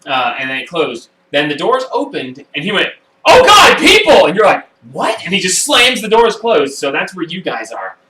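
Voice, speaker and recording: A man narrating as game master of a home tabletop game, animated, with quick voiced asides and many fillers. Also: a little high. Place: room at home. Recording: echoey room, far from the mic.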